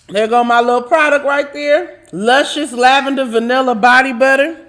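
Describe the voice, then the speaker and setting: Signing off from her live online talk show, a woman jokes fondly with viewers and laughs a lot, her manner churchy and affectionate. Her high, fairly bright voice keeps a fairly even intonation at a moderate pace, with hardly any pauses in this casual stream chat.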